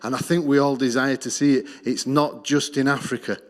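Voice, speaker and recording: A middle-aged Australian man giving a missions testimony in church, telling his story earnestly and dropping low and soft on key lines. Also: steady tone, a little fast. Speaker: missions speaker.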